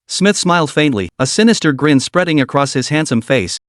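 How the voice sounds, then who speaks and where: A man narrating a web-novel audiobook in an expressive, dramatic storytelling manner. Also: on the high side, brisk, no echo, clean studio sound.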